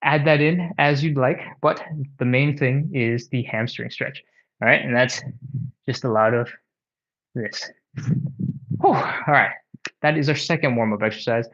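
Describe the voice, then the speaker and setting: Male stretching coach, casual and encouraging, slightly out of breath, mid-pitched voice, dull lo-fi home recording. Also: moderate pace, a bit bright. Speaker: stretching instructor. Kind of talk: live workout instruction. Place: home workout space.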